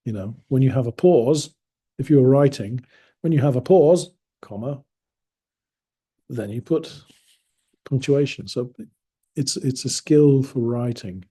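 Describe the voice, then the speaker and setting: A man's voice: medium pitch, a little slow, pauses often, warm tone, breathy edge. A man from England giving a casual spoken lesson as an English teacher, rambling and correcting himself with dry amusement.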